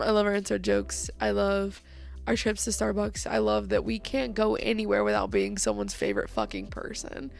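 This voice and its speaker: A young woman with a deeply gravelly, fry-heavy voice speaks a heartfelt tribute to her best friend. She is teary and laughs through her words, swearing casually. Soft music plays faintly behind her. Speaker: co-host.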